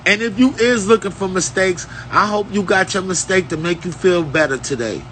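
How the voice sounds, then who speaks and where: A man's voice: high-pitched, normal speed, fairly bright tone, a little hiss or hum, low-quality recording. A man at home giving a rambling, profane, streetwise monologue in a freewheeling casual style. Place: at home, indoors.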